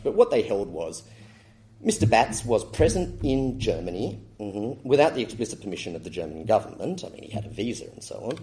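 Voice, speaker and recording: A man's voice: on the low side, dark tone, slight background noise. A middle-aged man giving a law lecture, with dry wit, often correcting himself and chuckling at his own stories. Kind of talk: academic lecture with anecdotes.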